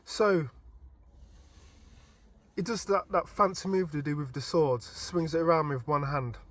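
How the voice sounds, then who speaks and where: A man casually telling a story from his dream as a vlogger, animated and informal, often stumbling and restarting his words. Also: on the high side, unhurried. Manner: animated retelling with frequent stammered restarts; informal and chatty.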